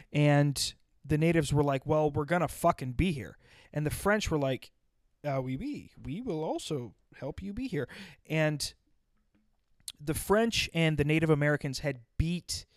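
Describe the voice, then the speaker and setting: A man with a slightly higher voice tells long, profane stories in loose casual chat. He restarts often and piles on fillers. The sound is dry and close to the mic. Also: no room sound. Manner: profane, rambling storyteller with many restarts.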